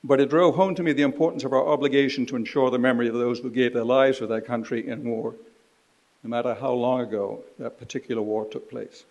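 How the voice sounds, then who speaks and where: A man in his seventies from Canada, giving a formal ceremonial speech at a podium in a measured, dignified way. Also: mid-range voice, fairly even intonation, a little mellow, muffled recording. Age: 70s. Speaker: ceremony speaker. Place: university ceremony hall.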